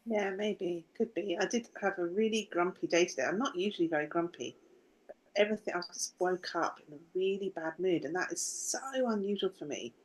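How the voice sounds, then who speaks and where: Woman client, lowish voice, reflective casual chat. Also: brisk, low-quality recording. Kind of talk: casual conversation.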